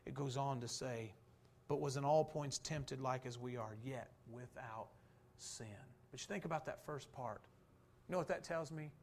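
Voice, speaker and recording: Fervent preacher with sudden hushes. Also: male voice, normal speed, slight background noise. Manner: rising to fervent emphasis, then dropping soft and low; rhetorical questions answered by himself. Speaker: pastor. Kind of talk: sermon.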